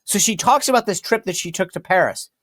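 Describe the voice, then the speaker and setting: A man's voice: sits high, animated, fairly quick, fairly bright tone, no room sound, clean studio sound. Emphatic, incredulous male talk show host. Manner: incredulous, emphatic, repeats himself. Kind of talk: commentary monologue.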